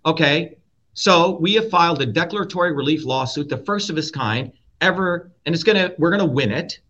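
Forceful, profane man with a bright voice. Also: on the high side, expressive, brisk. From India. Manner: forceful, blunt, profane, repeats points. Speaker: guest, presidential candidate. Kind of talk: heated interview talk. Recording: dull lo-fi audio.

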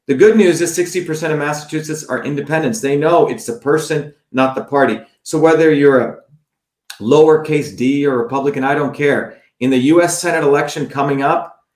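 Brief: blunt, scornful male candidate on a livestream, higher-pitched, echoey room. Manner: blunt, scornful, repeats "okay?". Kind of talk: combative campaign livestream, reading viewer comments.

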